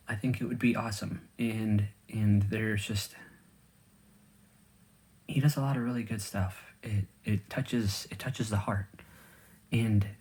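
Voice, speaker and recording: Husky-voiced man chatting while eating. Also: on the low side, a little mellow. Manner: rambling, with many fillers and restarts; talks with food in his mouth. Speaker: vlogger. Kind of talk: casual chat while eating.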